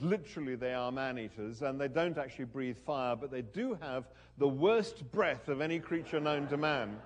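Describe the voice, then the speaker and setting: A man giving a talk at a university event and reading aloud, wry and hesitant, with many ums and restarts. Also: on the high side. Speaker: guest speaker.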